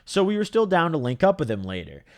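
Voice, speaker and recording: A man's voice: a little high, huge pitch swings, fast, a little mellow, no room sound, studio quality. A young man telling a long story to camera in casual, slangy speech full of "dude" and "bro".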